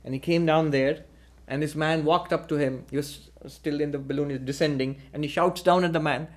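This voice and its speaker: A man teaching a philosophical lecture in a measured way, posing rhetorical questions to his listeners. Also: fairly high pitch, steady tone. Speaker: spiritual teacher.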